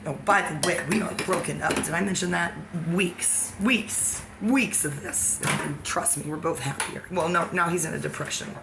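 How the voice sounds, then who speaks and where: A woman's voice: sits low, steady tone, a little fast, creaky, hardly any pauses, heavy background noise. A woman ranting in a rambling personal vlog, agitated and swearing, jumping from one topic to the next. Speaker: vlogger. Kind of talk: rambling personal rant to the camera.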